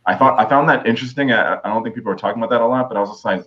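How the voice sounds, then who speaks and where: A man co-hosting a casual podcast, rambling and excitable, filling his talk with "like". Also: mid-range voice, rapid-fire, few pauses, dull audio. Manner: rambling, lots of "like" fillers, excitable. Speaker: podcast co-host. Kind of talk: casual pop-culture discussion.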